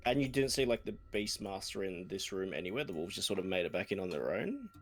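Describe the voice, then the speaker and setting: A man's voice: low-pitched, sing-song, fast talker, a little hiss or hum. An Australian man playing a tabletop game, thinking aloud with hesitant questions. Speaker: player. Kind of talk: casual tabletop game chat.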